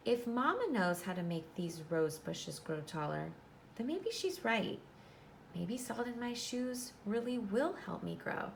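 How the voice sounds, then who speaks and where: A woman's voice: medium pitch, big pitch swings, measured pace, gravelly, a little hiss or hum, voice pushed up. Woman doing an eager, self-doubting young boy. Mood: hopeful.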